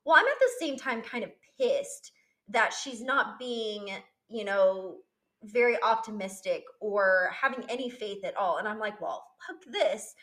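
A woman's voice: medium pitch, a little slow, fairly bright tone. A young woman telling a personal story on her vlog, candid and emotional, swearing freely. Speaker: vlogger.

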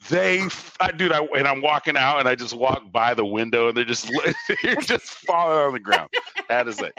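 A man's voice: medium pitch, sing-song, moderate pace, bright, forceful tone, no room sound. A man co-hosting a podcast, telling a loose, profane story in casual chat and laughing partway through. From Sacramento Valley, California. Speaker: podcast co-host.

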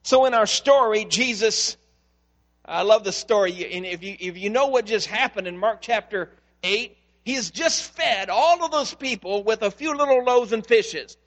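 A man preaching a sermon as pastor, telling stories in an animated way and acting out the voices in them. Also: high voice, normal speed, long reverb tail. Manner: animated storytelling, acts out voices in quotes.

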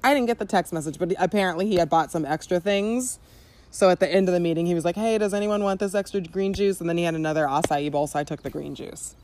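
A woman's voice: on the low side, quick pace, darkish tone, a little hiss or hum. A young woman from Southern California co-hosting a podcast, chatting casually outdoors in a backyard with lots of fillers and laughter. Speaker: podcast co-host. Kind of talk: casual chat.

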